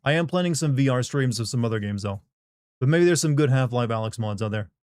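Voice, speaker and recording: On a live game stream, a man reads out viewer questions and comments on his pet, rambling in a laid-back, casual way. His mid-range voice is expressive and fast with a darkish tone, and there's no echo.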